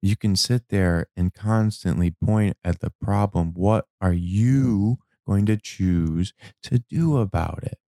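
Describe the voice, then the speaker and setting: A man giving a reflective motivational talk about anger and change, slow and emphatic, repeating words and now and then swearing. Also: fairly low pitch, vocal fry, dark tone, no room sound, clean studio sound. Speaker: self-help speaker.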